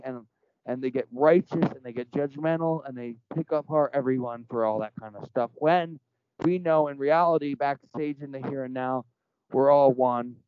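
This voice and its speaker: A man's voice: mid-range voice, normal speed, clear, resonant tone, no room sound. A man telling a story in casual conversation as a podcast guest, earnest and rambling, framing it in spiritual terms. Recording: dull lo-fi dry sound.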